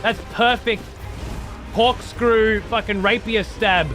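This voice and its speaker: A man's voice: sits high, fairly even intonation, slow, music in the background. A man streaming a game live, rambling, swearing a lot and chatting to his viewers. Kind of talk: live gameplay commentary.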